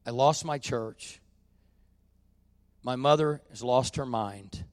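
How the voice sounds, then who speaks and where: A man preaching a sermon, dropping to quiet confiding and rising to loud, drawn-out peaks. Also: mid-range voice, no echo. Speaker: pastor.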